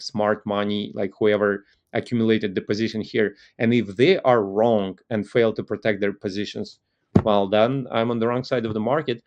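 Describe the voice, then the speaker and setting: A man with a Russian accent and a lowish, darkish voice talks loosely and conversationally about market analysis as a trading educator, sprinkling in plenty of "like" fillers.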